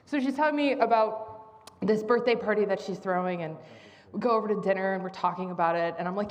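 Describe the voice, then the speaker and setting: A woman's voice: mid-range voice, fairly quick. A woman from the Midwest tells a rambling, self-deprecating story live on stage in a convention hall, full of likes and ums. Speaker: storyteller, player on a comedy game show.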